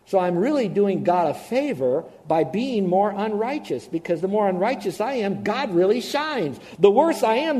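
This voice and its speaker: A preacher putting on a smug, gleeful sinner. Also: male voice, high voice, pitched above the performer's own voice. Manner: gleeful, rising excitement. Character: smug man justifying his own sinning.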